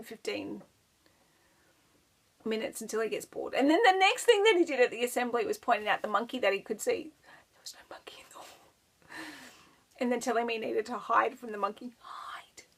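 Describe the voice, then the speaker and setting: A woman's voice: fairly high pitch, a little fast, gravelly. An Australian woman chatting casually to camera as a knitting podcaster, rambling and giggling as she goes. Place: child's bedroom at home.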